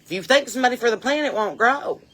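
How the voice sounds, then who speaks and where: A woman's voice: a little high, quick pace, fairly bright tone. A woman giving a chatty, folksy, rambling comic monologue to camera, outdoors on her porch. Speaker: comedian and musician.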